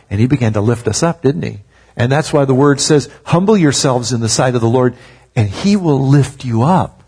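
A man's voice: mid-range voice, a little mellow, breathy edge. A man preaching a sermon as a pastor, talking conversationally and asking the congregation rhetorical questions.

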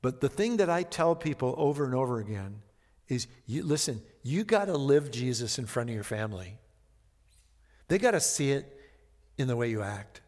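A man's voice: medium pitch, sing-song, normal speed, darkish tone. A male pastor preaching a sermon, reading scripture with dramatic emphasis and then talking it over conversationally. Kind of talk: expository sermon. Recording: long hall reverb.

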